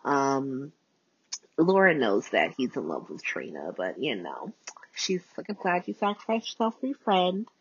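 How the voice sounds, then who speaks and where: A woman hosting a casual solo podcast, recapping with chatty, profane asides and big swings in pitch, recorded as phone voice notes. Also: wildly swooping pitch, unhurried, breathy edge. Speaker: podcast host. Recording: dull lo-fi voice note.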